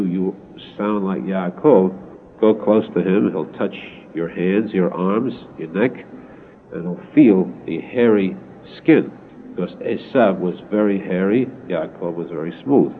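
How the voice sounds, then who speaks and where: A man giving an earnest Torah lesson, retelling a story slowly with repeated phrases. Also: a little hiss or hum. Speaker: religious teacher. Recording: tinny phone-like low-fi recording.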